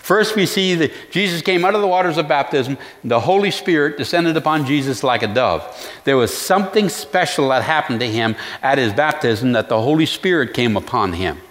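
A male pastor preaching a sermon in an earnest way, pausing to reflect and restarting his phrases. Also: fairly high pitch, animated, fairly bright tone, in a large hall.

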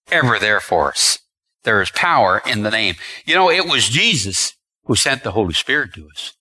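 Male preacher, emphatic and repetitive sermon delivery, bright, forceful tone. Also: a little high, rough recording. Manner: emphatic and repetitive, stretching key words.

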